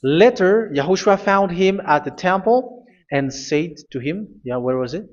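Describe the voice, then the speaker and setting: A man preaching a sermon, reading scripture aloud, halting and repeating phrases as he goes. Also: sits high, lively intonation, lo-fi sound.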